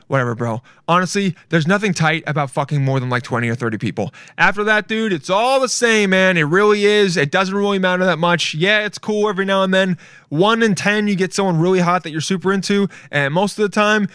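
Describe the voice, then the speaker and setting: A man's voice: high voice, fairly quick, fairly bright tone, clear, resonant tone, dry recording, clean studio sound. A man hosting a solo podcast, ranting casually in crude bro-talk full of swearing. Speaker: podcast host.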